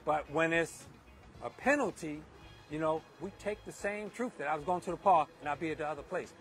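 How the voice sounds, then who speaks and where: A man's voice: fairly high pitch, a little fast. A man giving an emphatic, repetitive moral talk outdoors in a windy park. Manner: emphatic and repetitive, driving points home. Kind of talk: off-the-cuff preaching monologue.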